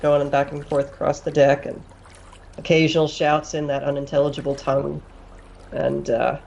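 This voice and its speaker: Gravelly man narrating as game master. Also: fairly high pitch, normal speed, dull audio, slight background noise. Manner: relaxed narration with fillers and chuckles.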